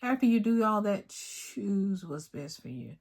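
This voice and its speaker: A woman's voice: mid-range voice, sing-song, a little slow, darkish tone. A middle-aged woman hosting her own video, talking casually and emphatically to her viewers, repeating her points and calling them y'all. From United States. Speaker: video host. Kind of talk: casual talk to camera.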